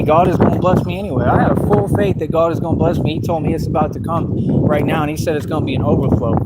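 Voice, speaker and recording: A man rants defiantly at his viewers, repeating himself and calling them out. His voice sits a little high for a man. Loud background noise runs under the whole recording. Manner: defiant, repetitive, addresses viewers as y'all. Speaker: vlogger. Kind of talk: direct-to-camera rant.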